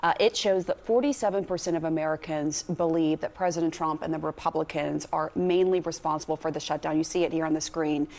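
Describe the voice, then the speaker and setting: A woman news anchor puts sharp questions to a guest in a low, even voice. She speaks in a polished, broadcast style. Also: fairly quick, few pauses. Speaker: TV news interviewer.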